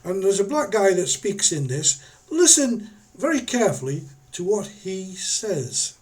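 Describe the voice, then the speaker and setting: Older vlogger, high-pitched, rambling and sarcastic. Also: male voice, sing-song, unhurried, heavy background noise. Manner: rambling, sarcastic, restarts often. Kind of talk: casual commentary vlog.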